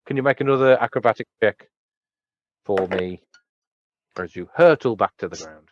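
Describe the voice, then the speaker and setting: A man's voice: moderate pace, a little hiss or hum. A man narrating a tabletop role-playing game as dungeon master, rambling with laughs. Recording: dull low-fi dry mic.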